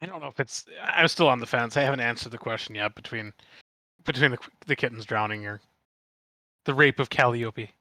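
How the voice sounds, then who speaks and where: A man with a Midwestern accent, co-hosting a casual podcast chat, halting and swearing casually. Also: medium pitch, bright, forceful tone, no room sound. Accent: Midwestern American. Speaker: guest host.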